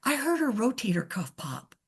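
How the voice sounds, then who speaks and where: A middle-aged woman, a veterinarian guest, telling animated stories in casual chat and often laughing. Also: on the high side, moderate pace, slightly rough. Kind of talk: casual storytelling.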